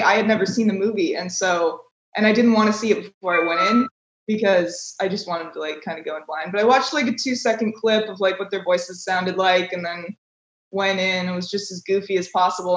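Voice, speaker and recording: A woman's voice: mid-range voice, fairly quick. A woman, an actress guest, answering in a jokey, self-mocking way. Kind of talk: casual interview chat. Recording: roomy echo.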